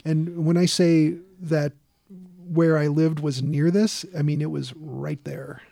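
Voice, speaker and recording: A man's voice: on the high side, flat delivery, slow pace, vocal fry, dark tone, dry recording, studio quality. A man from the Chicago area, a podcast co-host telling rambling stories full of fillers. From Chicago area, USA. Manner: rambling storytelling with many fillers. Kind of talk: casual chat.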